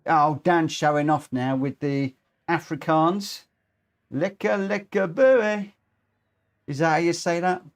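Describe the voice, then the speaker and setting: A man's voice: on the high side, fairly even intonation, unhurried. A man from the United Kingdom commentating his live racing game stream, chatting to viewers and reading out the race results.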